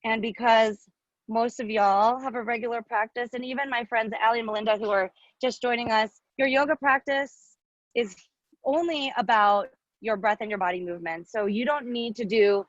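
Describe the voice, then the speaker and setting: A woman leading a yoga class over a video call, calm and friendly with playful asides. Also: mid-range voice, no room sound. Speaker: yoga instructor. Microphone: video call microphone. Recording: dull, lo-fi video call audio.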